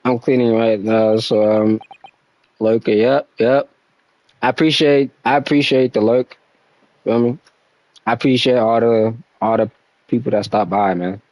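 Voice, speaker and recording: A man's voice: mid-range voice, steady tone, unhurried, pauses often, darkish tone, no echo, low-quality recording. A young man chatting casually on a game stream, laid-back and slangy, talking to his viewers.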